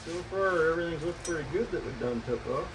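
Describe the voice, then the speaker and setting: A man's voice: fairly high pitch, expressive, quick pace, noisy background. A man working as a mechanic, explaining an engine teardown in an easygoing, folksy way. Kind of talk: casual shop talk to camera. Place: garage workshop.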